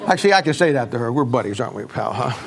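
An older man, a pastor, preaching a sermon in a folksy storytelling way and going soft and quiet when he quotes himself. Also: medium pitch, lively intonation, rapid-fire, creaky, a crowd in the background.

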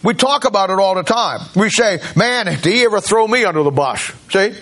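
Man, pastor, high voice, folksy sermon, conversational, restarts sentences. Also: expressive, brisk, fairly bright tone.

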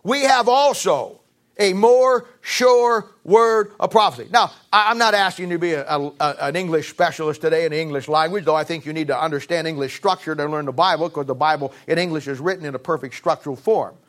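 A man preaching a sermon with emphatic, repeated phrases, swinging from raised peaks to low drops. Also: quick pace, few pauses, fairly bright tone. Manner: emphatic, rising to high-pitched emphasis and dropping low.

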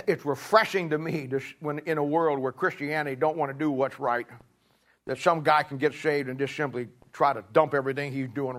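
A man's voice: fairly high pitch, a bit bright. A middle-aged man, preaching a sermon in a folksy storytelling way and acting out both sides of a talk. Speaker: pastor.

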